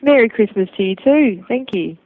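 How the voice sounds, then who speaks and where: An Australian woman answering calls at a radio station, polite and brisk as she takes a caller's details. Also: on the high side, expressive, crowd noise. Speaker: radio station call screener. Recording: tinny phone line.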